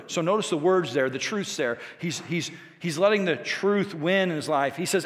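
A man preaching a sermon, telling a scripture story with emphatic, animated delivery. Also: fairly high pitch, moderate pace, few pauses. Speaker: pastor. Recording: long reverb of a large hall.

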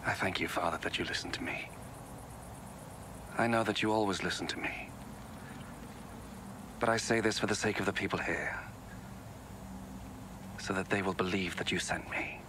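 A deep-voiced, solemn Jesus, played by a man speaks slowly and deliberately. The film audio carries a steady layer of background noise. Every word sounds weighty and unhurried. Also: natural voice.

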